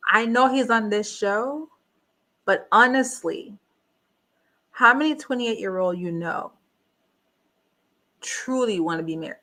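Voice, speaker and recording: Woman, reaction host; bright tone, blunt and incredulous, casual commentary. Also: a little high, takes it slowly, long pauses. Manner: blunt, incredulous, repeats rhetorical questions. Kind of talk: casual live review commentary.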